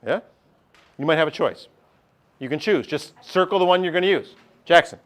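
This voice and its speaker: A man's voice: a little high, lively intonation, moderate pace, a bit bright. A male teacher, giving a chatty classroom lesson and often checking in with his class.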